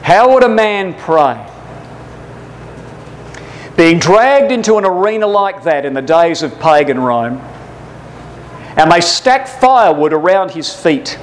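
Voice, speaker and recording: Male Bible class preacher, high-pitched, fervent, heavy on rhetorical questions. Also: big pitch swings, takes it slowly, long pauses, slight background noise, low-quality recording. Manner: addresses listeners as brothers and sisters.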